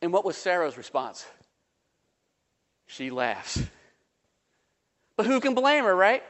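Animated high-voiced preacher in a hall. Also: male voice, slow pace. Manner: animated, acts out voices in quotes, conversational asides. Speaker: pastor. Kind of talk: sermon.

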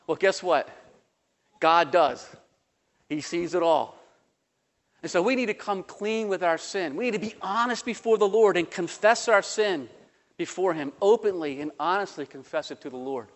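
Animated high-voiced preacher in a hall. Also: male voice, moderate pace. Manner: animated, acts out voices in quotes, conversational asides. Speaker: pastor. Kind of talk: sermon.

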